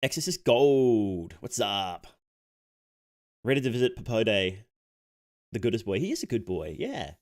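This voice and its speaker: A young male VTuber chats casually with his viewers while playing a game. His pitch moves around a lot. He laughs often, reads messages aloud and trips over his sentences before restarting them. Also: very animated, unhurried, long pauses. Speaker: VTuber streamer. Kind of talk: casual live-stream chat.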